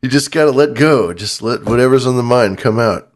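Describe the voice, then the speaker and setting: A man co-hosting a podcast in casual chat, mellow and encouraging. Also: mid-range voice, brisk. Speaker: podcast co-host.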